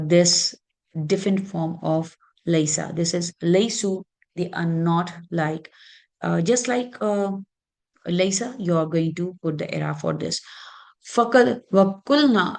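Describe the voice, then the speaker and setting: A woman teaching an Arabic grammar lesson, explaining slowly and patiently with many fillers. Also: on the low side, a little mellow.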